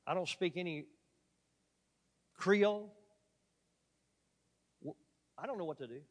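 A man preaching a sermon, telling a story dramatically and swinging from loud emphatic peaks to quiet asides. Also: high voice, takes it slowly, big-room sound.

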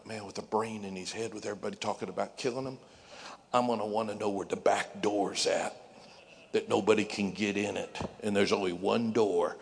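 A man's voice: lowish voice, creaky, a little hiss or hum. A man preaching a dramatic sermon, dropping into whispers and singing out scripture lines.

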